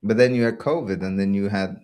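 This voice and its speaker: A man's voice: on the low side, a little fast, a little mellow, clear, resonant tone. A man from Belgium hosting a casual opinion show, ranting sarcastically and laughing often. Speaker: podcast host.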